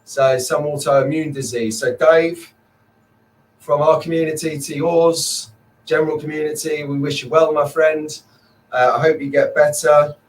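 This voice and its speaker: A man's voice: fairly high pitch, fairly even intonation, measured pace, recorded from a distance, rough recording. A man hosting a casual live stream chat, upbeat and rambling, greeting viewers by name. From Merseyside, England.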